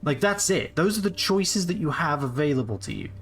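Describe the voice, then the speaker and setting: A man's voice: on the high side, expressive, a little fast, slightly rough. A man in his late twenties giving rambling, casual live commentary on a game he is streaming, swearing freely as he goes. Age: late 20s.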